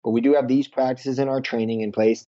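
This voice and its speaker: A man, a podcast guest and franchise owner, telling animated business anecdotes in a casual interview and acting out the dialogue. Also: medium pitch, fast, no room sound, muffled recording.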